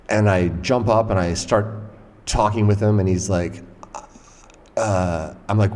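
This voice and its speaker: A man hosting a casual podcast conversation, telling a story in an animated way and swearing freely. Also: deep voice, moderate pace. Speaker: podcast host and interviewer. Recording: long room reverb.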